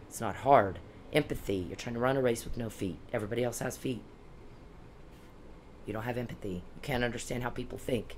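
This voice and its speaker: A woman's voice: rumbling low, brisk, slight background noise. A woman vlogging an angry, confrontational monologue aimed at one man, cursing often and preaching at him.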